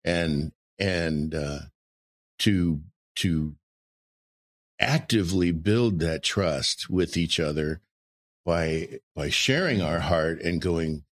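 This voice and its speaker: A man with a low, deep voice speaks earnestly and emphatically, telling candid stories from his marriage. The sound is dry and close, with no room echo. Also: slow. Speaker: married guest sharing relationship experience. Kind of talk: candid conversational storytelling.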